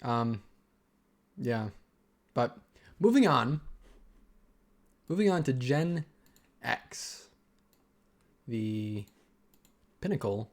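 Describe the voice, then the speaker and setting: A young man vlogs an offhand personal rant in an expressive, mid-range voice. He rambles haltingly and keeps beginning his sentences anew.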